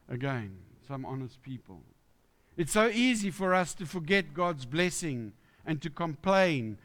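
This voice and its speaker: A man's voice: a little high, a bit bright. A man preaching a conversational sermon in church, asking the congregation questions. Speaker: pastor.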